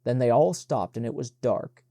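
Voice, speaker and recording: A man narrating an audiobook in an even, measured reading. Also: mid-range voice, vocal fry, no echo.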